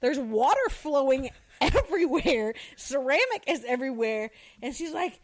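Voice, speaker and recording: A woman who works as a school social worker, telling stories in a casual, animated way, laughing and acting out the kids' shouts. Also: sits high, moderate pace. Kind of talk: casual storytelling.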